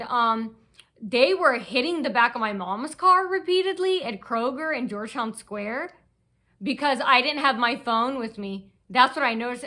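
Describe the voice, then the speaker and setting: A woman talking straight to her viewers in a rambling, aggrieved monologue. Her voice is bright and sharp, set a little high, and she keeps circling back and restarting her sentences. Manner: agitated, aggrieved, restless storytelling with many restarts. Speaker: vlogger.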